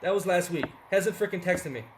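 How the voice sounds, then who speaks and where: A man's voice: high-pitched, a little hiss or hum. A man in his forties, talking bluntly and with plenty of profanity, telling stories in a casual podcast conversation. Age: 40s. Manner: fast, blunt, profane storytelling.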